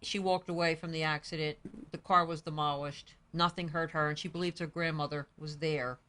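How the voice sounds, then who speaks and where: A woman's voice: sits low, fairly even intonation, brisk, bright, forceful tone. A woman hosting a talk show, asking earnest questions and telling family stories in casual chat. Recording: 2012 public-access talk show studio.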